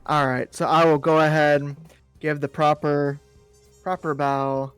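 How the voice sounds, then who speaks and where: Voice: medium pitch, little pitch movement, a little slow, clear, resonant tone, no echo. A tabletop player shifts between speaking in character and stepping out to ask questions, often stumbling over repeated words. The recording is dry and close, with faint music underneath. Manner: hesitant, repeats words when unsure. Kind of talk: tabletop role-play, in and out of character.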